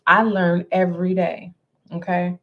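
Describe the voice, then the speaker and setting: A woman giving a tarot reading to her viewers in a deliberate way, often repeating herself and clearing her throat. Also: on the low side, flat delivery, dull audio. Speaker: tarot reader. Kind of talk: slow spoken tarot reading.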